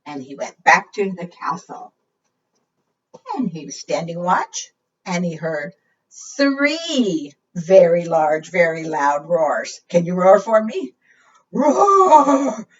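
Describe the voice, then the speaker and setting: A woman reads picture books aloud to preschoolers, slow and sing-song with a pitch that leaps around. She coaxes the children to guess and roar along. The sound is dull and slightly distant. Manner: sing-song, animated, coaxing audience participation. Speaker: children's librarian, storytime host.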